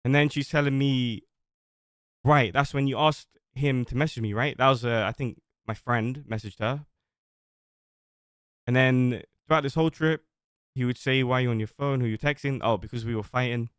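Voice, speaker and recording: A man livestreams from home, defensively reading out old messages and going on at length. His voice is smooth and resonant at a typical middle pitch, at a normal speed. The close mic makes it dry, with no echo and almost no room sound.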